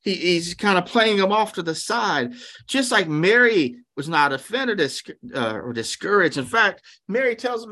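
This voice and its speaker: A man's voice: high-pitched, expressive, normal speed, pushed and bright. A male pastor preaching a sermon in a conversational way, asking rhetorical questions and acting out quotes.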